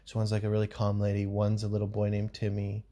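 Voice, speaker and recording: Guy cohosting a podcast, lowish mellow voice, rambly, lots of likes and ums. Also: monotone, quick pace. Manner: loose, rambling, lots of fillers. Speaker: podcast co-host. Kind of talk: casual chat.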